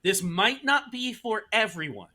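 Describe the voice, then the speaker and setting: A man with a high, bright voice that swings up and down a lot as he jokes. He chats casually as a podcast co-host and often trails off and restarts mid-sentence. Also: a little slow. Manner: animated, joking, trails off and restarts. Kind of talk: casual chat.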